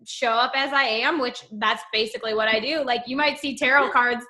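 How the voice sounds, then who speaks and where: A woman's voice: fairly high pitch, fairly even intonation, brisk, pushed and bright. A woman host in casual interview chat, talking in a chatty way with lots of filler words.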